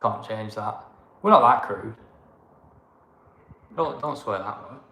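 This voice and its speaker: A man's voice: on the low side, expressive, slow pace, pushed and bright. Chatty Northern English man in an echoey room. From Northern England. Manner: chatty, rambling banter. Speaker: travel vlogger, co-host. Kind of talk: casual livestream chat. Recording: echoey room with faint ambient noise.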